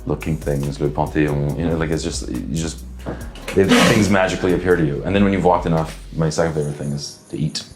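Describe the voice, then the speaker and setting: A Canadian man, an actor, talking in a relaxed, thoughtful way, often restarting his sentences. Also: rumbling low, quick pace, echoey room, loud music behind the voice. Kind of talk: casual talk to camera.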